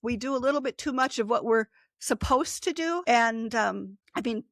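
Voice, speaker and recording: A woman's voice: a little high, vocal fry, fairly bright tone, dry recording. A middle-aged woman author in a casual interview, speaking reflectively and laughing often. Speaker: author and guest.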